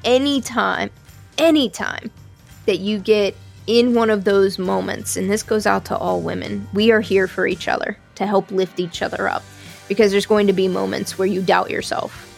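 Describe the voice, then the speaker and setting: A woman's voice: medium pitch, fairly even intonation, moderate pace, creaky, soft background music. A woman hosting a podcast, interviewing a guest and reading the show's outro in an encouraging, upbeat way. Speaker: podcast host.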